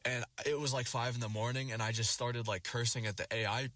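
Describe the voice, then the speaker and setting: A man's voice: mid-range voice, fairly even intonation, a little fast, sharp tone, no room sound. A young man ranting casually to his viewers, rambling and swearing a lot with plenty of filler words. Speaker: vlogger. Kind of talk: casual rant to camera.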